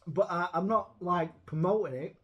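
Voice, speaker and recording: High-voiced blunt man. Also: normal speed, dull audio. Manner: blunt, profane, rambling rant. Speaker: show host. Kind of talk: casual chat.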